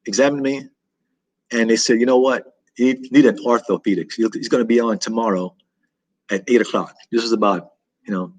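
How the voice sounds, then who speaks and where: Husky, worn-out man chatting on a livestream. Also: mid-range voice, poor audio. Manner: rambling and repetitive, with many restarts and fillers. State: worn out, recovering from illness. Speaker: travel vlogger hosting a livestream. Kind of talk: casual livestream chat.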